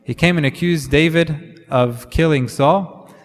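A man's voice: on the high side, unhurried. A man preaching a sermon in a conversational way, often slipping in Arabic fillers. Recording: long hall reverb.

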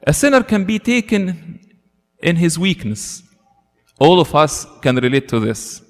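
Man, earnest sermon, long echo of a hall, pitch jumps up for emphasis. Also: sing-song, unhurried. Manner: earnest, rises in pitch for emphasis, asks rhetorical questions. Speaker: preacher.

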